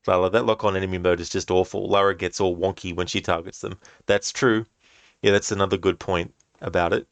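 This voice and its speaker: A man streaming a game live, reading and answering chat in a relaxed, chatty way and laughing often. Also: low-pitched, no room sound.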